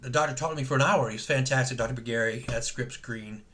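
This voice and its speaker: A man telling a personal story in a casual, halting way, full of fillers and restarts, as he keeps a video journal at home. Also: medium pitch, bright, forceful tone. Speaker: patient keeping a video journal. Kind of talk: rambling personal vlog story. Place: at home in San Diego.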